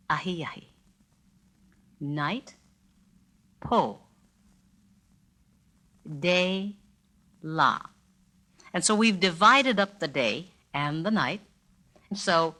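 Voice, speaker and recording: A woman narrating a spoken language lesson, demonstrating greetings with deliberately exaggerated inflection. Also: low voice, bright, forceful tone. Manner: slow, carefully inflected, demonstrates phrases with exaggerated intonation. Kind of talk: scripted spoken-word lesson.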